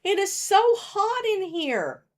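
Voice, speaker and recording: Slow pleading desperate desert mom, a lady storyteller putting her on, kids story time. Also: extremely high pitch, sing-song, voice pushed up, full character voice. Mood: despairing. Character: distraught young mother lost in the desert.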